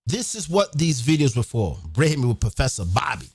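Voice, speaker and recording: A man hosting an event, delivering an excited, profane monologue and half-singing some lines. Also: medium pitch, normal speed, breathy edge. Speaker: event host. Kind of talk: excited monologue over a beat. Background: music.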